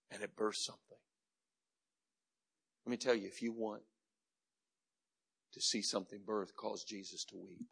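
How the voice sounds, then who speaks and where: A man preaching a sermon as pastor, building from quiet reflection to shouted climaxes in a rhythmic, repetitive cadence. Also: on the low side, creaky, husky.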